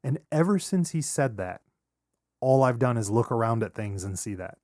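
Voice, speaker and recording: A man's voice: medium pitch, normal speed, no echo, clean studio sound. A man co-hosting a podcast in casual chat, swearing often and telling stories with sudden incredulous outbursts. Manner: profane, animated storytelling with outbursts. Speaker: podcast co-host.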